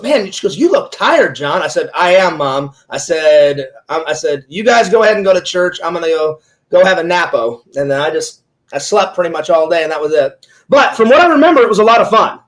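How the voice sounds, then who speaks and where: High-voiced man in his forties, rambling. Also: expressive, fairly quick, low-quality recording. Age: 40s. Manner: rambling retelling full of "he goes" quotes. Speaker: interviewer and streamer. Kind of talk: casual storytelling in an interview.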